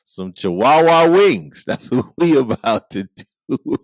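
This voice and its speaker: A man's voice: big pitch swings, takes it slowly, dry recording. A man voicing a pack of hungry, cocky male coyotes, talking in swaggering slang. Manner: slangy, swaggering, low-key.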